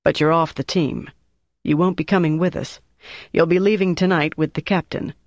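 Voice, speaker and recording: A man reading an audiobook, voicing a composed officer who speaks in a cool, firm, measured way. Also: fairly high pitch, fairly even intonation, no room sound, studio quality, natural voice. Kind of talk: audiobook character voice.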